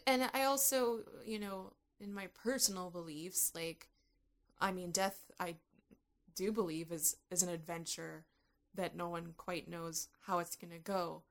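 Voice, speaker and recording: A woman's voice: lowish voice, steady tone, unhurried. A woman guest on a podcast, talking earnestly and thoughtfully about her beliefs, often restarting her sentences. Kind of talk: casual conversation.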